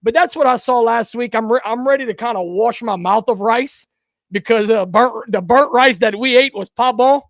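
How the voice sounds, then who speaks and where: A man's voice: extremely high pitch, normal speed, no echo, studio quality. A man, co-hosting a casual sports talk podcast, emphatic and repeating himself when fired up. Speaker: podcast co-host.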